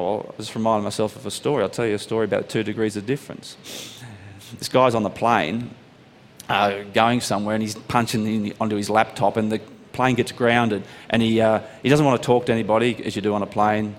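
A man preaching a sermon, telling stories and letting his voice climb high on emphatic points. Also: level tone, fairly quick, slight background noise. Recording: long hall reverb.

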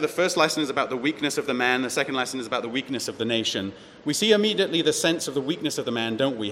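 Male preacher, slightly high voice, expository Bible teaching with rhetorical questions, recorded in a reverberant hall. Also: fairly bright tone. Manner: expository, reads verses then explains, rhetorical questions. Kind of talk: sermon-style Bible teaching. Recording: echoey hall with faint ambient noise.

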